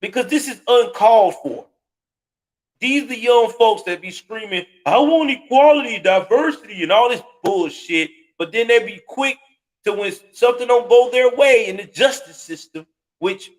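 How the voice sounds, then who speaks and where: Host, male, high-pitched, profane and scornful ranting with sudden loud spikes. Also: moderate pace. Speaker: commentary show host. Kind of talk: heated live reaction commentary.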